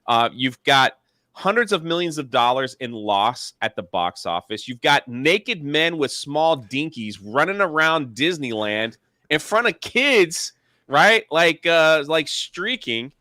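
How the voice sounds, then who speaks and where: Bright, crisp-voiced man hosting. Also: a little high, sing-song, slow pace, no echo, studio quality. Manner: sarcastic, rambling, with frequent fillers. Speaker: show host. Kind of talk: casual news commentary.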